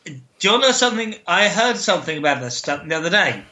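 Man, blunt joker, high voice, echoey room. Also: very animated, pushed and bright. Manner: joking, blunt, quick asides. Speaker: podcast co-host. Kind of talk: casual chat.

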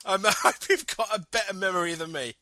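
A man co-hosting a podcast in casual chat, animated, laughing often and repeating himself as he thinks aloud. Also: high-pitched, quick pace, no room sound. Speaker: podcast co-host.

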